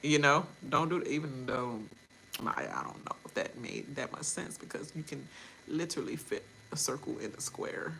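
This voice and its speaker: A woman rants casually to her viewers, her bright voice swinging widely in pitch. She laughs often and slips into mocking quoted voices as she talks. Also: normal speed, gravelly, slight background noise. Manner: animated, laughing, mimics others in quoted voices. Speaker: reaction channel host. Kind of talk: casual ranting commentary.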